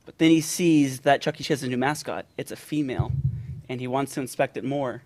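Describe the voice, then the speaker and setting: A man improvising a movie pitch in plain storytelling. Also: fairly quick, a little mellow. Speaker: improv player.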